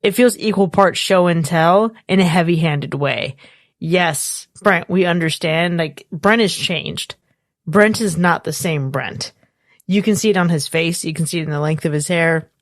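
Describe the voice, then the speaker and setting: A woman's voice: on the low side, unhurried, no echo, studio quality. A woman co-hosting a movie review podcast, talking animatedly and swearing freely in casual chat. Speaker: podcast co-host.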